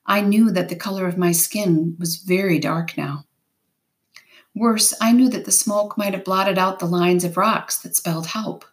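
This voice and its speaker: A woman reading a novel aloud in first person with steady, unhurried storytelling. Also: on the low side. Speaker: reader.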